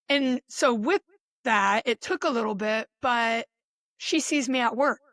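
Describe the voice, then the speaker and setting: Musing woman with a fairly high voice. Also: a little slow, a bit bright, no room sound. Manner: musing, conversational, with frequent restarts and short laughs. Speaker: self-reflection podcaster. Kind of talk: unscripted personal reflection monologue.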